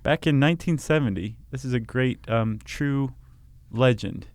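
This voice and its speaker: A man's voice: mid-range voice, normal speed. A man co-hosting a podcast in casual chat, with dry joking asides. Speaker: podcast co-host.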